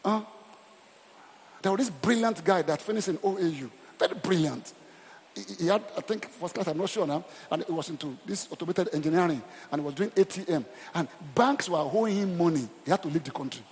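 Animated Nigerian preacher in reverberant church. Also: male voice, high voice, fairly quick. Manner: animated and emphatic, repeats phrases, asks the crowd questions. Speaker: pastor. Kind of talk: sermon. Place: church hall.

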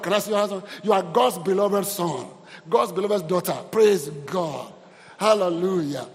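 A male pastor preaching an animated sermon and calling out for responses from the congregation. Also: high voice, big-room sound.

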